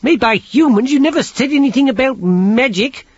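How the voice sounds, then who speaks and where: A man's voice: very high voice, animated, moderate pace, slightly rough, dry recording, voice pushed up, heavily acted. A man voicing a blunt, indignant, working-class male locksmith. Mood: grumbling. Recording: dull, lo-fi audiobook recording.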